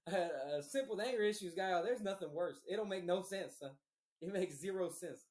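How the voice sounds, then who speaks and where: A young man co-hosting a podcast, telling stories in an animated, profane, slangy way and laughing often. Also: high voice, moderate pace, reverberant. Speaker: podcast co-host. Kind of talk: casual storytelling chat.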